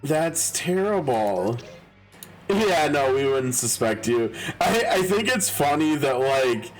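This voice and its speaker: Guy streaming a game, thinking out loud, laughs a lot, keeps restarting sentences, light music in the back. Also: mid-range voice, sing-song, slow, rough recording. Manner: chuckling, musing aloud with restarts. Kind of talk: casual live game-stream commentary.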